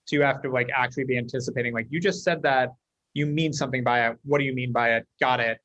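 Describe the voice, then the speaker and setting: A man from the United States, a guest in a casual interview, telling stories quickly and acting out the dialogue. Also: medium pitch, no echo, muffled recording. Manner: fast, animated storyteller acting out dialogue. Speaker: guest, company leader.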